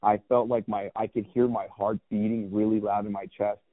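A man's voice: lowish voice, level tone, a little fast, dry recording. A man in his thirties telling a personal story as a guest, candid and rambling, with lots of restarts and swearing. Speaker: guest, clothing brand founder. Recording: tinny phone-like dry sound.

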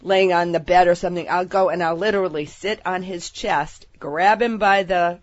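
A woman's voice: lowish voice, steady tone, moderate pace, no room sound, muffled recording. A woman co-host sharing a personal story in a casual interview chat.

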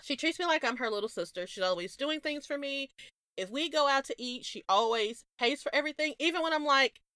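A young adult woman co-hosting a podcast, telling stories in a casual, animated way, laughing often. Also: sits high, fairly quick, no room sound, studio quality. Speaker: podcast co-host. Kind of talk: casual chat.

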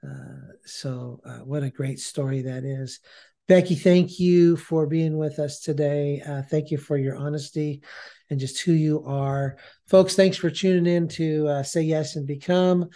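A man's voice: a little high, expressive, unhurried. A man hosting a faith podcast, closing the show in a casual way with many fillers. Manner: warm-hearted, many "uh" fillers. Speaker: podcast host.

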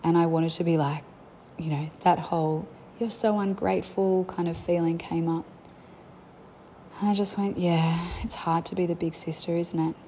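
In a low, warm voice with little pitch movement and a normal pace, a young mother shares chatty, thoughtful accounts of her family life. Slight background noise is present.

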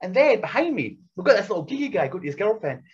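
A man telling animated stories in casual chat, slipping into voices for the people in them. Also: high-pitched, fast, husky. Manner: animated, acts out voices in anecdotes. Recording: dull lo-fi recording.

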